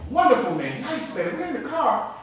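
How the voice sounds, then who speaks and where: A man preaching a sermon, telling stories with animation and building up to shouted preaching in front of a congregation. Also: extremely high pitch, wildly swooping pitch, normal speed. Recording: echoey hall, mic from a distance, congregation audible.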